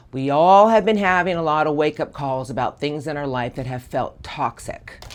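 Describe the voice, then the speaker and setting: A tarot reader giving an earnest, encouraging monthly reading. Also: medium pitch. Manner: earnest, encouraging, speaks to an unseen source.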